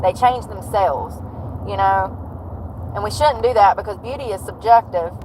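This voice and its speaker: A woman's voice: mid-range voice, slight background noise, poor audio. A woman from North Carolina with a country twang, chatting to viewers on a live stream and telling a story from her day. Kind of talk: casual live-stream chat.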